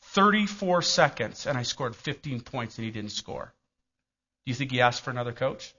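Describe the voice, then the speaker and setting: A man's voice: mid-range voice, animated, normal speed, sharp tone. A middle-aged male pastor preaching a sermon in a church, telling stories and asking the congregation questions. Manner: storytelling, asks the congregation questions. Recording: dull lo-fi recording.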